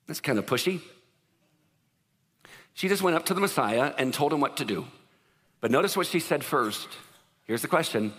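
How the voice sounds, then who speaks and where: A male pastor preaches a conversational sermon with jokes and asides, his voice bright and a little raised. He keeps questioning the congregation. A long hall reverb trails after his words. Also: fairly high pitch, expressive, moderate pace, long pauses, breathy edge. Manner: conversational, joking, asks the crowd questions.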